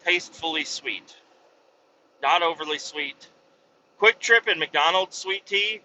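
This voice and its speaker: Podcast host: young adult man, piercingly bright, fairly high voice, profane animated rant; slightly dull recording with faint ambience. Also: unhurried, long pauses, slight background noise. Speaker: podcast host, truck driver. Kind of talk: casual solo podcast rant.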